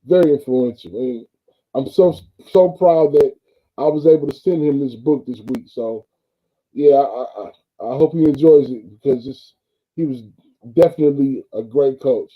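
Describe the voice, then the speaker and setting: A man's voice: mid-range voice, moderate pace. Easygoing man, dull lo-fi sound. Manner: easygoing, says "man" and "bro" often. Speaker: football coach and author. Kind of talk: casual sports talk.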